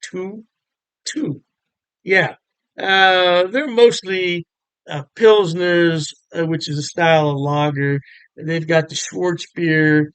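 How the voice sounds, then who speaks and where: A man's voice: fairly high pitch, steady tone, takes it slowly, a bit bright, clear, resonant tone, dry recording. A man giving a casual, chatty beer review to camera, upbeat and full of fillers.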